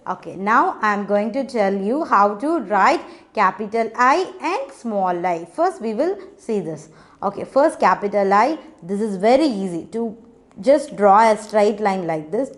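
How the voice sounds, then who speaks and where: A woman teaching a children's phonics lesson, coaxing and repeating sounds for the kids to echo. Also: fairly high pitch.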